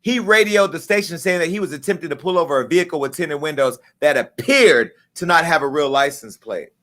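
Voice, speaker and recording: His voice a little high, a bit bright and a little fast, a middle-aged host unleashes a furious, profane rant on his live show. He hammers his points with emphasis throughout this impassioned stream.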